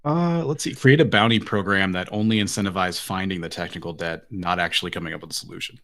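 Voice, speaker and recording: A man's voice: low voice, quick pace, fairly bright tone. A man guest on a panel show, a security consultant who answers in a concise, matter-of-fact way. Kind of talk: panel discussion.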